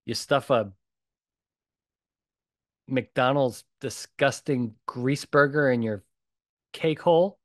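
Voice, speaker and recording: A man's voice: medium pitch, slow pace, pauses often, no room sound, studio quality. A man hosting his own podcast, talking bluntly and emphatically, with a lot of punchy repetition. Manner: emphatic and animated. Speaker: podcast host. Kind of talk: solo podcast talk.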